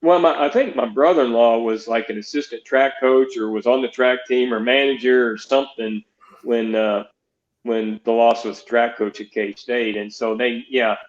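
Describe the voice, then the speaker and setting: A man's voice: mid-range voice, steady tone, moderate pace. Guest: older man, rambling storyteller, echoey dull recording, roomy. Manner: rambling, many restarts, quotes others in dialogue. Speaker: guest, baseball pitching coach. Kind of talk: storytelling interview.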